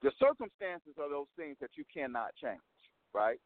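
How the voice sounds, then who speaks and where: A man coaching with lively swoops in his voice, emphatic, driving his points home and checking in with the listener again and again. His voice sits a bit high and comes through a thin, phone-like line. The sound is dry, with no room around it. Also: moderate pace, dry recording. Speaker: motivational coach and guest. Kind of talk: animated storytelling interview.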